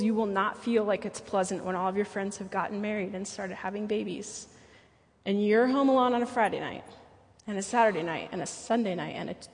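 Husky woman preaching in an echoey hall. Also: mid-range voice. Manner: earnest and personal, with playful asides. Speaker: church speaker. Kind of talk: sermon.

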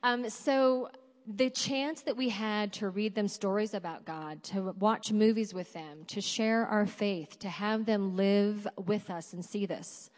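A woman's voice: mid-range voice, takes it slowly. Earnest woman speaking in a hall. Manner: earnest, heartfelt. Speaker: panelist, former foster parent. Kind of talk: panel talk to an audience. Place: large hall with an audience. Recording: hall reverb.

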